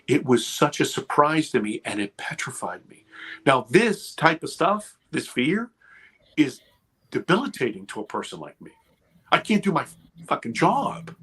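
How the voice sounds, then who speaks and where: A man in his fifties, a podcast guest and producer, telling an intense personal story with swearing and animated retelling. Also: medium pitch, normal speed, husky. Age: 50s. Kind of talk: emotional storytelling in conversation.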